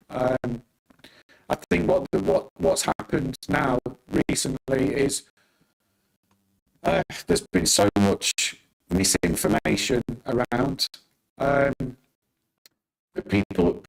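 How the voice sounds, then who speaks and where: A middle-aged man hosts a casual live stream from his home desk, chatting with viewers by name. His voice is thick with gravel and fry, sitting at an ordinary middle pitch. He keeps the talk loose and conversational, with rallying encouragement for his audience. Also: a little mellow, poor audio. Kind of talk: casual live market commentary. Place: home desk, working on a laptop.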